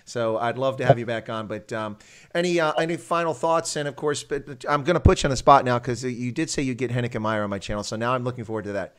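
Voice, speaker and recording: A male host from the United States who talks quickly and at length. His chat is loose and enthusiastic, full of restarts and asides. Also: mid-range voice, clear, resonant tone. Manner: chatty, rambling, enthusiastic. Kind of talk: casual interview chat.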